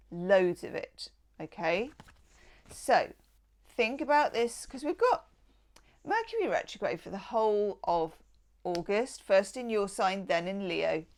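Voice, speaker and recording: Slow, gushing tarot reader. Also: female voice, medium pitch. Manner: slow, enthusiastic and affectionate, chatty asides. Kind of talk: casual tarot reading.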